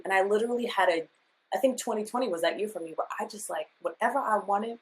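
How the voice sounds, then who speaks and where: A woman's voice: medium pitch, fast talker, low-quality recording. A woman guest on a podcast, candidly telling a personal story with feeling and acting out her past self in quotes. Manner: emotional, confessional storytelling. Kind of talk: candid casual chat.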